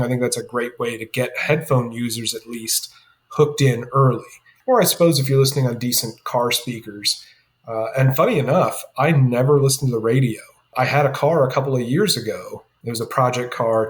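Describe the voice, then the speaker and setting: A man co-hosts a podcast that scores pop songs. He reads his ratings with announcer-like patter and slips in jokey asides. His pitch sits in the middle range. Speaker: co-host reviewing songs. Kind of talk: scripted podcast review.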